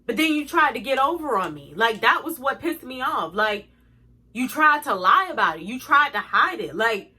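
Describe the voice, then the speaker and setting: A woman's voice: sits high, lively intonation, moderate pace, sharp tone, breathy edge. A young woman telling a storytime to her viewers, blunt, profane and indignant as she rants. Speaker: vlogger. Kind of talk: storytime rant.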